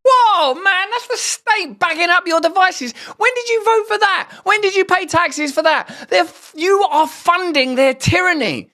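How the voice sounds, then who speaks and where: A man's voice: very high-pitched, lively intonation, a little slow, few pauses, pushed and bright. A man hosting a satirical reaction commentary, sardonic and rambling, with theatrical asides. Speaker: commentary host.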